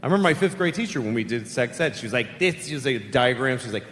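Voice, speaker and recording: A middle-aged man from the Boston area doing stand-up comedy in a deadpan, sardonic, conversational way. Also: mid-range voice, rapid-fire, long reverb tail, a little hiss or hum. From Boston area, United States.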